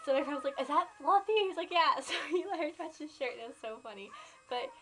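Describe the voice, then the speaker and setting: A nineteen-year-old woman vlogging, gushing excitedly about a band she loves, full of "like" and "oh my gosh". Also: high-pitched, quick pace, slight background noise, rough recording. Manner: excitable, gushing, filler-heavy. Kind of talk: gushing fan vlog.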